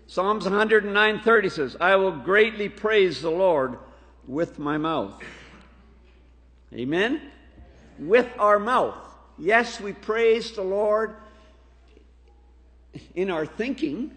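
A man preaching a sermon to a congregation. He reads scripture slowly and emphatically and keeps asking "Amen?". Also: high-pitched, expressive, a bit bright. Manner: slow, emphatic scripture reading with call-and-response "Amen?". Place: church hall. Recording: reverberant hall.

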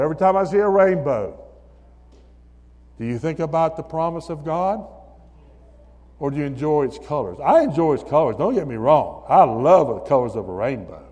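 Preacher, male, high and unhurried, sermon with ringing reverb. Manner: rising to shouted hallelujahs, calls on listeners by name. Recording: long reverb of a hall.

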